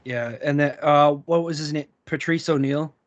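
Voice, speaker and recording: A man's voice: on the high side, steady tone, normal speed, no room sound. A young man co-hosting a podcast, chatting casually, laughing through his stories and swearing often. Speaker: podcast co-host. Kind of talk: casual chat. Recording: dull lo-fi sound.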